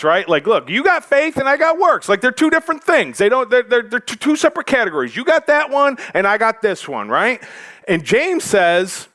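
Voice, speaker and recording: Grappende predikant met een hoge, levendige mannenstem. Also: male voice, very high voice, normal speed, no echo, clean studio sound. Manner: joking, animated, conversational with many fillers. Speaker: pastor. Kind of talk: sermon. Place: church.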